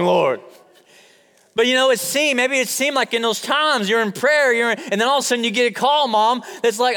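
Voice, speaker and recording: In a church sanctuary full of long hall reverb, a man delivers a humorous, chatty sermon, calling out to his congregation. His pitch is extremely high and his tone bright, forceful, clear and resonant, at a moderate pace.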